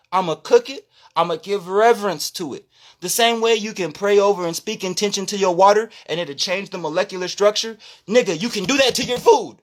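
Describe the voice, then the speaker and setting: A man who creates spirituality content delivers an impassioned rant on a live stream, cursing and preaching loudly. At times he drops from shouting to low-voiced asides.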